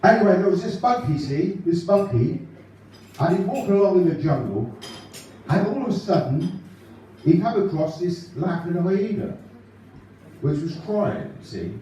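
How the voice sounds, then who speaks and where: Guy doing a nervy giggly comic rambling thru gags, high voice, super echoey hall way off mic. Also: lively intonation, a little slow, long pauses, mellow, far from the mic, slight background noise. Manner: nervous laughing, rambling gag delivery. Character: giggly, rambling male stand-up comedian impression. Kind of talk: live stand-up impression. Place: live concert venue.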